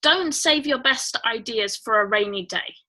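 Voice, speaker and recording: A woman's voice: a little high, animated, unhurried, bright, forceful tone, poor audio. A woman hosting a casual livestream. She chats in a rambling way with many fillers and greets viewers one by one. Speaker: livestream host.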